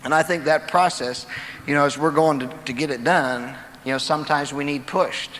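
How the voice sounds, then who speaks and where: A motivational speaker tells jokes and stories in a folksy talk to an audience in a large auditorium. He speaks at a moderate pace in a somewhat high, slightly bright voice. The sound is distant and echoey, as in a live hall recording, with a little hiss or hum.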